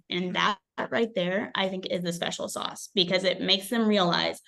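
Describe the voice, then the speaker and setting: A woman guesting on a podcast, chatting in a bubbly, animated way with lots of fillers. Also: on the low side, brisk, vocal fry, few pauses. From United States. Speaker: chiropractor guest. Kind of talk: casual podcast chat.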